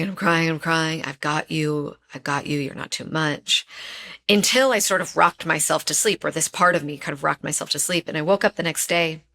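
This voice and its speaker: A woman's voice: low-pitched, pushed and bright. A woman guest on a podcast, a relationship expert speaking earnestly and telling personal stories, repeating phrases for emphasis. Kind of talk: casual interview chat.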